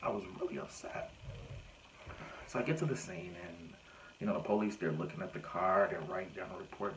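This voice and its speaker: A man, recounting a personal story to camera in a casual, animated way and acting out what people said. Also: low voice, brisk, a little hiss or hum, poor audio. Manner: animated retelling with acted-out quotes. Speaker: vlogger.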